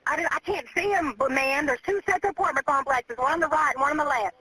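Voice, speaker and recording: A terrified woman sobs and pleads on an emergency call, repeating herself. Her voice is high, fast, bright and forceful, and the telephone line carries faint noise.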